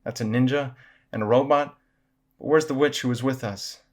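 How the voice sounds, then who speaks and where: A man's voice: mid-range voice, moderate pace, voice pushed up, natural voice. A man voicing a brave young girl in a butterfly costume, speaking in a raised, earnest way. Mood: puzzled.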